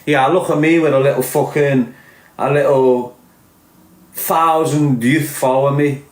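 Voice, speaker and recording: A man with a Liverpool accent rants on a podcast, blunt and sweary, his voice at an ordinary mid pitch. The room around him is echoey and hard. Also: steady tone, a little slow. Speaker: podcast host. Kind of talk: ranting podcast monologue.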